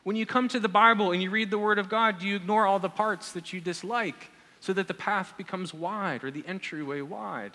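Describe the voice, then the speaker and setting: Bright-voiced man preaching in a hall. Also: high-pitched, brisk. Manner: earnest, asks the congregation repeated questions. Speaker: pastor. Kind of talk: sermon. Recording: long reverb of a large hall.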